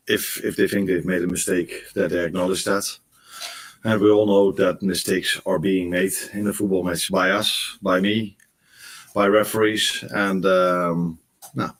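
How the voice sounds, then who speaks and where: A man answering press questions as a football manager, measured and hesitant, pausing often with fillers. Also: low-pitched.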